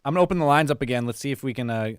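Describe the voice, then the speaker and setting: Brief: mid-pitched Canadian man, smooth clear voice, dry close mic, easygoing host. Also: racing, dry recording. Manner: relaxed, joking, runs the calls. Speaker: podcast host. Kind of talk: casual call-in show hosting.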